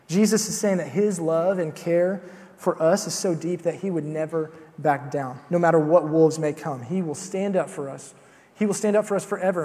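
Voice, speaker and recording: A preacher gives a sermon in a relaxed, conversational way, frequently pausing on fillers and repeating his opening words. His warm voice sits fairly high for a man. The long reverb of a large hall rings around him.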